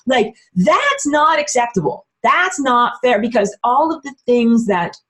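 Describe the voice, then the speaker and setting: A woman's voice: a little high, expressive, normal speed. A woman giving a casual online spiritual lecture while she draws, talking bluntly and emphatically, with lots of "like" and some swearing. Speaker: spiritual teacher.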